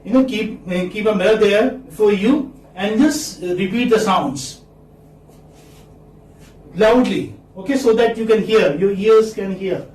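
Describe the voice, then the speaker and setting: A man teaching English phonetics to a class in a lecture style, slowly repeating each word so the students can copy it. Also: high-pitched, a little mellow, distant mic. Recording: echoey classroom, speaker off-mic, faint noise.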